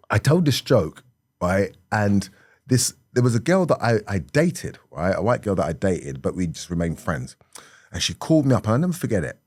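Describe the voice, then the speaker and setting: A middle-aged comedian with a South London accent, telling stories on a podcast. His voice sits a little low, and he keeps it lively, laughing and dropping into acted voices. The sound is dry and close, with no room echo. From South London, England. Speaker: comedian guest. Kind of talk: animated podcast storytelling.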